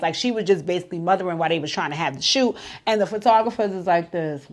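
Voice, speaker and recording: A woman's voice: medium pitch, lively intonation, fast, a little mellow. A woman giving a casual, candid recap of a reality TV episode, chatty and freely swearing. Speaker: reality TV show reviewer.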